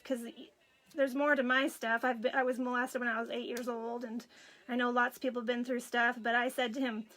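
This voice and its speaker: Tearful woman in her forties with a high, bright voice telling her story emotionally. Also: flat delivery, moderate pace. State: crying, runny nose. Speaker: craft vlogger. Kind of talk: personal story on a live video.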